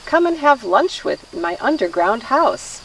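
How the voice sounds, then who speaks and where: Sly hungry fox, as a woman reads it aloud, storybook, low-key voice, distant outdoor sound, crickets. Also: big pitch swings, a little slow, gravelly, fairly bright tone, slight background noise, heavily acted.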